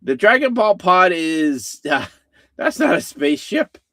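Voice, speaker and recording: A man's voice: high voice, sing-song, a little slow, sharp tone, no room sound, studio quality. A man hosting a casual live-stream chat, rambling with many fillers and restarts. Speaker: host.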